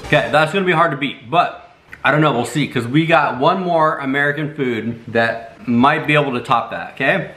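Dude hosting a snack taste test vlog, teasing, game-show announcer vibe, music playing behind. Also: male voice, medium pitch, normal speed, bright, forceful tone. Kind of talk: casual family vlog. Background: background music.

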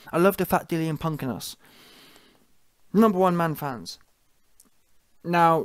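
A young man delivers a combative, mocking rant on boxing. His voice sits a little high, recorded close and dry with no room sound, and he keeps slipping into taunting sing-song impressions. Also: dry recording. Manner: mocking, confrontational, mimics opponents' fans in sing-song voices. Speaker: boxing commentary host. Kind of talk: ranting video commentary.

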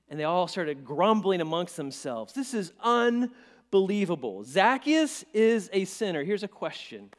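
A man's voice: fairly high pitch, creaky. Fervent male preacher in a reverberant church. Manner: swings from hushed to emphatic, stammering restarts. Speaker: pastor. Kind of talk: sermon. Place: church sanctuary. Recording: long church-hall reverb.

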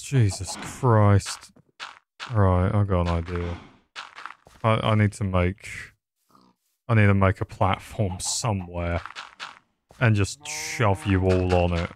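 A man's voice: on the low side, a little hiss or hum. A young man giving sarcastic, rambling commentary over a game, swearing often. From England. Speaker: gaming YouTuber. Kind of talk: casual gameplay commentary.

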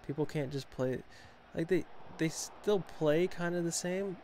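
A young man with a slightly high voice gives casual, self-talking commentary over his own gameplay. He chats along and bursts into quick exclamations. A faint ambience sits behind him. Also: a little mellow, slight background noise. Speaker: gaming channel host.

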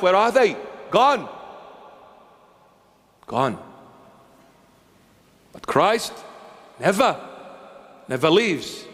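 A bishop preaching a sermon in a church, emphatic and repetitive, swinging between loud insistence and hushed low phrases. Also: male voice. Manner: emphatic, repetitive, dramatic swings in pitch and loudness. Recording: long reverb of a large church.

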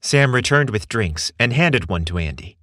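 A man reading a scripted story aloud with expressive, measured storytelling. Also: mid-range voice, no room sound, clean studio sound. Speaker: narrator.

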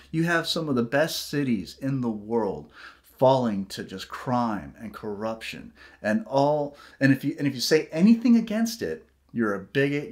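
A man rants to camera in a solo vlog, his voice pitched in the middle of the male range. He gets heated, swears freely and drifts off on tangents. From United States. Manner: heated, profane ranting with tangents and mocking quoted voices. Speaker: vlogger.

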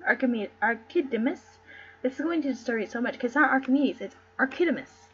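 Giggly high-voiced woman streaming. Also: lively intonation, fairly quick, a bit bright, a little hiss or hum. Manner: giggly, rambling, stumbles over names. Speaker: streamer reading a play aloud. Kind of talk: casual live-stream chat and reading. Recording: dull lo-fi stream audio.

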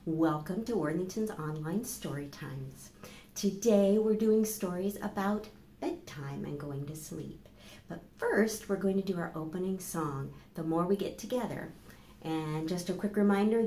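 A woman librarian leading a children's storytime, reading aloud and coaxing young listeners in an animated, sing-song way. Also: lowish voice, echoey room, a little hiss or hum. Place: library room.

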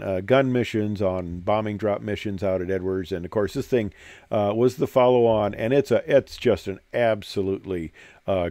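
A retired military pilot, an older man, presents slides by spinning rambling stories loaded with fillers. His fairly low, warm voice comes through on a dry recording.

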